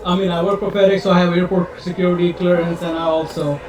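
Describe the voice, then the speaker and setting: A man gives a heartfelt speech at a retirement party, halting and restarting as he jokes. His voice sits fairly high. He is heard from a distance in an echoey room. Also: level tone. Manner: halting, full of restarts, joking and emotional. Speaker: guest speaker. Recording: roomy hall, mic at a distance.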